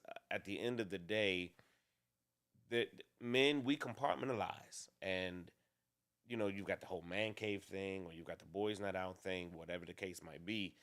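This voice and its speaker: A man with a fairly low voice talks through relationship questions at an easy, considered pace. He doubles back and restarts now and then, like someone working his thoughts out aloud. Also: clean tone. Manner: deliberate, measured, with restarts. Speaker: co-host. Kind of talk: casual relationship talk.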